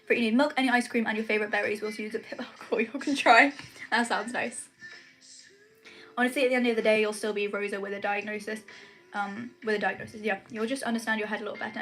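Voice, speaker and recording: Chatty and rambling, this young female streamer talks casually on a livestream from her room at home. She says "like" and "um" often, in a voice that's a little high and a bit bright.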